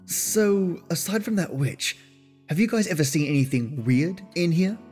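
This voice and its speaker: A man's voice: on the high side, moderate pace, darkish tone, breathy edge, soft background music, voice pushed up. A man voicing a nervous, uneasy young woman who pleads in a tense, raised way.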